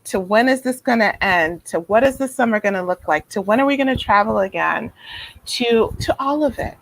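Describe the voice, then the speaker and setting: A woman speaking as a guest therapist in an interview over a video call, gentle and reflective, with many fillers and restarts. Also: mid-range voice, expressive, moderate pace, gravelly, poor audio. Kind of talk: casual interview talk.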